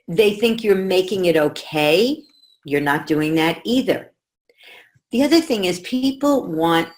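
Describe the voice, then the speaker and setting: A middle-aged woman coach explaining calmly and in measured steps to camera. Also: on the low side. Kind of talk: teaching talk to camera.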